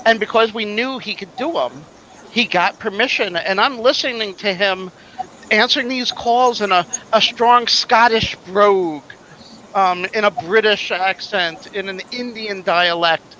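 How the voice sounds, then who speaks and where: A man's voice: high-pitched, measured pace, sharp tone, slight background noise, poor audio. A man hosting a casual livestream panel, telling easygoing, joking stories. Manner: chatty storyteller, easygoing and joking. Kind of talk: casual chat.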